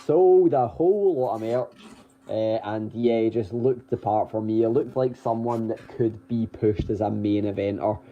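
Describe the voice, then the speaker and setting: A man with a lowish voice at a moderate pace co-hosts a podcast, chattily going over the week's wrestling news. He says "um" a lot, restarts himself, and chuckles now and then, all on dull lo-fi audio.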